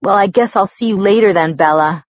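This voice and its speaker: A woman's voice: mid-range voice, fairly quick, no echo, lo-fi sound, voice pushed up, close to an everyday voice. A woman reading the lines of a complaining, dramatic teenage boy in an audiobook.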